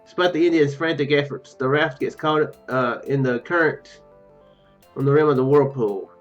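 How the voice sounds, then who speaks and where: A let's play gamer with a mid-range voice and normal speed reads a text adventure's on-screen text aloud, restarting lines and tossing in joking asides. He laughs easily, and the dull, muffled recording carries faint game music.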